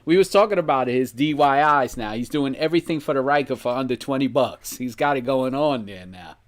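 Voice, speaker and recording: A man hosting a podcast in relaxed casual chat, rambling and laughing often. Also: medium pitch, brisk. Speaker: podcast host.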